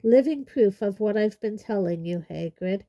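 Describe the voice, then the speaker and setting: A woman voicing a very old, calm and kindly headmaster with a measured, gently dry manner in an audiobook. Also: medium pitch, close to an everyday voice. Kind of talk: audiobook character voice.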